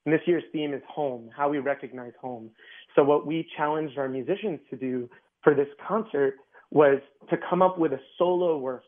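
A man speaking as an orchestra guest in a casual radio interview, chatty, with many fillers and restarts. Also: a little high. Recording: tinny phone-like line.

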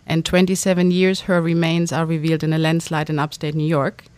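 A woman's voice: sits low, completely flat delivery, fairly quick, a little mellow, dry recording. A woman novelist from Germany, talking about her book in an interview, with many fillers and restarts. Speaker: novelist guest. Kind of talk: casual interview talk.

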